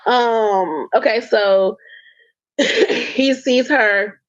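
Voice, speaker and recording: A woman's voice: a little high, very slow, dry recording. Woman, casual podcast chat, loose rambling talk, swears, dull muffled sound. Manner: loose and candid, swears, laughs often, rambles with fillers. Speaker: podcast co-host.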